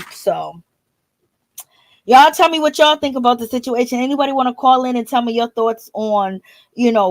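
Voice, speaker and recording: Speaking in a mid-range voice with no room sound, a female call-in channel host gives a chatty, casual reality show recap, addressing her viewers directly and using lots of fillers.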